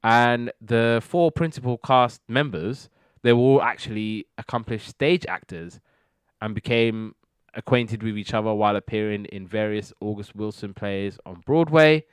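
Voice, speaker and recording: A man's voice: lowish voice, moderate pace, clear, resonant tone, no room sound. A British man hosting a casual TV review podcast, enthusiastic and rambling with repeated words. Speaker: podcast host.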